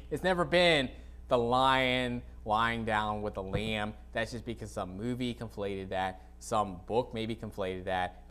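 A man preaching an informal sermon to a congregation, reading scripture and adding blunt, dismissive asides while often clearing his dry throat. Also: on the low side, fairly bright tone. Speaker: pastor. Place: church sanctuary, speaking to a congregation.

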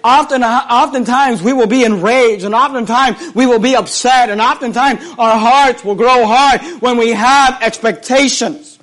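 Man preaching, very high voice, animated sermon delivery, repeats phrases, loud then hushed. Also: a little slow, few pauses.

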